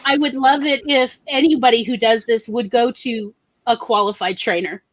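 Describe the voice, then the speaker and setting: A woman's voice: a little high, steady tone, normal speed, dry recording. A woman co-hosting a casual group chat, chatty and emphatic. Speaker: co-host.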